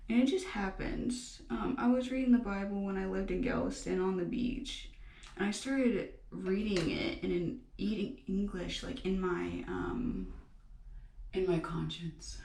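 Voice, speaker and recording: Slow, gravelly young woman vlogging. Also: mid-range voice, steady tone, darkish tone, a little hiss or hum. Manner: halting, full of fillers and restarts. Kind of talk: rambling personal vlog. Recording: echoey room, mic at a distance.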